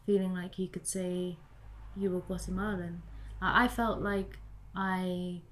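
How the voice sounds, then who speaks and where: Chatty woman, lowish voice. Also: little pitch movement, unhurried, fairly bright tone. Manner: chatty, heavy use of "like". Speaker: guest. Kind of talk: casual reflective conversation.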